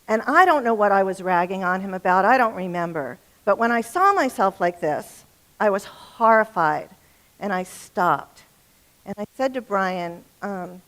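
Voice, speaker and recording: Woman, middle-aged, fairly high voice, chatty, humorous, stage talk, asks the audience questions. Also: a bit bright. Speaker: relationship speaker. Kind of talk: storytelling talk to a live audience.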